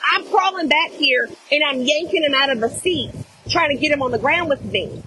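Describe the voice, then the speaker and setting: A middle-aged woman tells her viewers a story in a casual, animated chat. Her voice sits high, and she keeps saying "y'all". A faint background hum runs under her voice. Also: normal speed. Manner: animated, addresses viewers as "y'all", acts out shouting. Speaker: vlogger telling a story.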